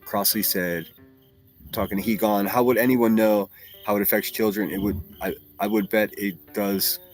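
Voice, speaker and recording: A man with a Pittsburgh accent hosts a livestream in a low voice, chatting loosely, swearing freely and calling out names from chat. Faint music plays under his talk. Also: fairly even intonation, moderate pace. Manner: profane, chatty, reads chat names aloud. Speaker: livestream host. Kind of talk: casual livestream commentary.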